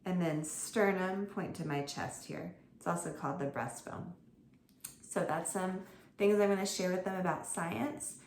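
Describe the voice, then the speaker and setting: A woman's voice: fairly low pitch, steady tone, measured pace, creaky, a little mellow, a little hiss or hum. A woman homeschool tutor talking through her lesson plans for other teachers in a chatty, informal way. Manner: chatty, informal, with fillers and self-corrections. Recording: roomy echo with faint ambience.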